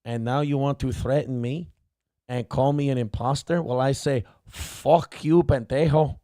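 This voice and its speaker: Man voicing a brash, cocky male dog; low-key, slow, dry close sound. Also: steady tone, dark tone, no echo, lightly acted. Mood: indignant. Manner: brash trash talk, drawn-out delivery. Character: tough-talking male dog, cocky and foul-mouthed. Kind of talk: comic voice for a pet on a livestream.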